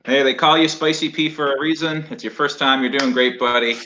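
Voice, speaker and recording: A man's voice: mid-range voice, fairly even intonation, a little fast, bright, forceful tone, dull audio, slight background noise. A man co-hosting a casual virtual award show over a video call, jokey and upbeat. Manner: jokey, upbeat, loose with fillers. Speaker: awards co-host.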